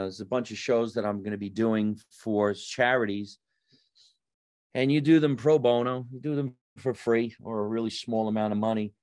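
A man's voice: fairly low pitch, dry recording, studio quality. A male comedian guest telling stories in a casual chat, acting out the people he quotes. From New Jersey. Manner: animated storyteller, acts out quotes in raised voices.

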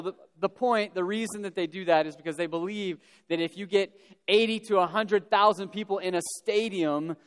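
A man giving a casual, animated storytelling talk to young people, with lots of fillers and repeated words. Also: high voice, clear, resonant tone. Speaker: youth speaker. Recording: long hall reverb.

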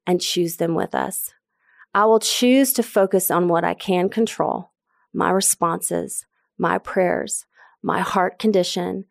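A woman's voice: lowish voice, gravelly, dry recording, clean studio sound. Earnest woman preaching a sermon. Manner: earnest, emphatic, repeats phrases for stress. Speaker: pastor.

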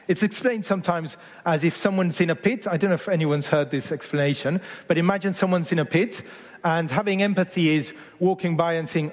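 A man's voice: on the high side, a little fast, big-room sound. A man in his forties from Argentina, preaching a sermon in an earnest, conversational way that often corrects itself mid-phrase. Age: 40s.

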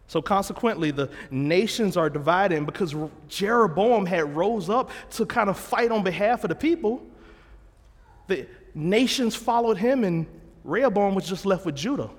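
A man's voice: high-pitched, in a large hall. A man preaching a sermon, retelling scripture in a plain, conversational way and correcting himself as he goes. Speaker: pastor.

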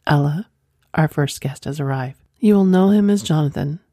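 A calm, commanding lover with a soft, reassuring way of speaking, read by a woman. The voice sits low and mellow. It is recorded dry and close, like a storybook audio. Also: moderate pace, no echo.

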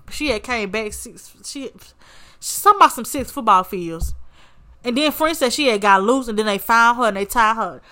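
A sassy woman talks through a story in casual commentary, calling her listener honey and baby and cursing freely. Her voice is bright and sits a little high for a woman. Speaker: podcast host.

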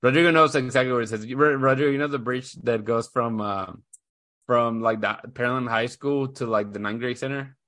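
A man in his thirties hosts a casual podcast and tells a story in a loose, rambling way, full of fillers and false starts. His voice sits at an ordinary middle pitch. The mic is close, and the sound is dry. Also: steady tone, fairly quick, fairly bright tone, dry recording. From Houston area, USA. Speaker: podcast host. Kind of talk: casual chat.

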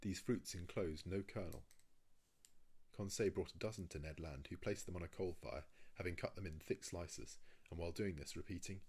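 A man narrating a classic adventure novel in a measured, even reading. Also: low voice, husky. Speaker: audiobook reader.

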